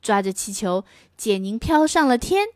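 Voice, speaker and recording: Woman, storyteller, picture-book read-aloud, higher voice, lively melody. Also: normal speed, dry recording, studio quality.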